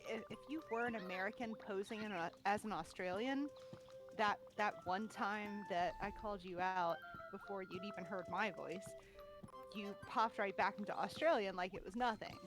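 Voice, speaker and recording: Giggly, chatty woman, mid pitch, clear music bed. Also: normal speed. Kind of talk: casual chat.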